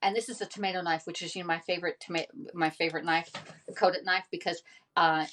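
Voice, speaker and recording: A woman's voice: on the low side, fast, far from the mic, slight background noise. Chatty woman, set back from the mic. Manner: chatty, animated, talks straight to viewers. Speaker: home cooking livestream host. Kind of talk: casual live-stream chat and product pitch.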